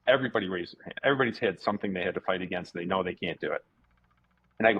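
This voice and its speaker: A man, a martial arts instructor, telling stories casually as a guest, animated, repeating words and swearing freely. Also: fairly low pitch, rapid-fire, breathy edge. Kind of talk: casual storytelling interview. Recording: dull lo-fi podcast audio.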